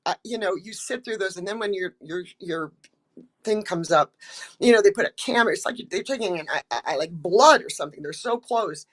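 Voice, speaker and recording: An older American actress telling stories in a casual interview, chatty and full of ums and restarts, acting out quotes. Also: female voice, mid-range voice, a little fast, a bit bright.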